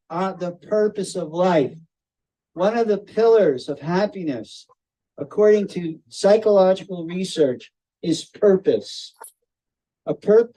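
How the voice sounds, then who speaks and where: An older man giving a devotional talk to a group over a video call, telling stories slowly and circling back on his phrases. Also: high voice, mellow, poor audio. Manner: slow, storytelling, repeats and restarts phrases. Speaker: spiritual teacher.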